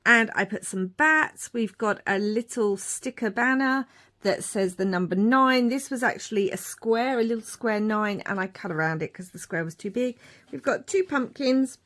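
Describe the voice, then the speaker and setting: A crafting vlogger chats casually while showing her journal pages, narrating in a rambling show-and-tell way with warm asides. Her voice is a little high, at a normal speed.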